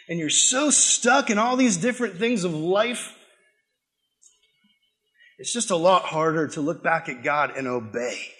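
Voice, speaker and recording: A young youth pastor gives a casual sermon to a room of students, loose and joking, slipping into acted-out voices while telling his stories. His voice is high for a man, bright and forceful, and his manner is animated throughout.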